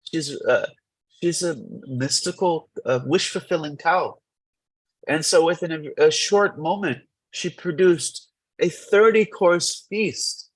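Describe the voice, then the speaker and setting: A man teaching a morning scripture class in a temple, retelling an old legend in an animated, rambling way. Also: mid-range voice, gravelly, husky, poor audio. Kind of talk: lively storytelling scripture class.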